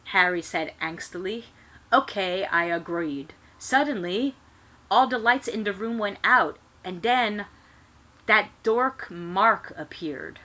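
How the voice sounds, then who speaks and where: A woman giving a comic dramatic reading at home, shouting the quoted lines and reading the punctuation aloud in a flat voice. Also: on the low side, a little slow, rough recording. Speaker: guest reader.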